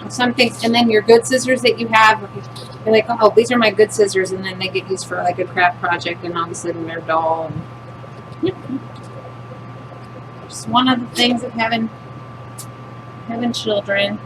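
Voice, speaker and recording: A woman's voice: mid-range voice, fairly even intonation, moderate pace, long pauses. A middle-aged woman chatting casually as she demonstrates a craft project, working with her hands and making self-deprecating asides. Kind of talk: casual craft demo chat. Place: home with a loud furnace. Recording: noisy home recording, furnace hum.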